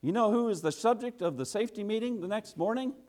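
A man preaching a sermon, telling a folksy work story that builds into loud, urgent preaching. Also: sits high, expressive, quick pace.

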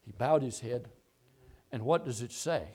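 A male pastor preaching a sermon, moving from low, quiet asides to loud, impassioned passages. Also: moderate pace, husky.

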